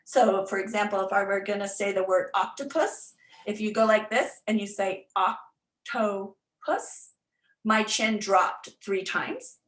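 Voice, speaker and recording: A woman's voice: mid-range voice, normal speed, fairly bright tone, reverberant, low-quality recording. A woman teacher giving an informal online workshop on reading skills, chatty and full of fillers and restarts as she sounds words out. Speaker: literacy teacher presenting a workshop.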